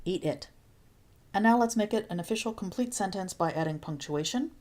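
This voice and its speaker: A woman Spanish teacher explaining grammar step by step in a recorded video lesson, patient and clear with playful asides. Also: medium pitch, animated, fairly quick, noisy background.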